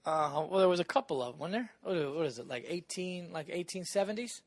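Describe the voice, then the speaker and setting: An excitable man from New York talks in a lively, bouncing voice that sits a bit high for a man. He pushes his point hard in casual podcast chat, swearing freely and talking over the other speaker. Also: moderate pace. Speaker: podcast guest, comedian.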